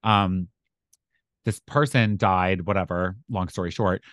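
Male astrologer guest, casual and rambling storyteller, lower pitch, dry. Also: a little slow, dry recording. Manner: rambling, filler-heavy, animated storytelling. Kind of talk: casual podcast chat.

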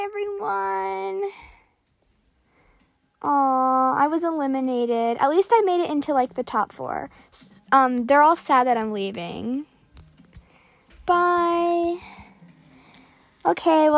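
A female gaming creator giving excited live commentary, rattling off items quickly and sometimes dropping to a whisper. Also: high voice, no echo. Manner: excitable, calls out items rapidly, drops to whispers.

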